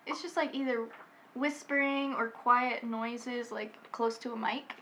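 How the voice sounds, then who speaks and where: Giggly young woman, high and bright. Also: steady tone, unhurried, a little hiss or hum. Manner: giggly, playful. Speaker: podcast host. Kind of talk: casual chat. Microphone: podcast mic.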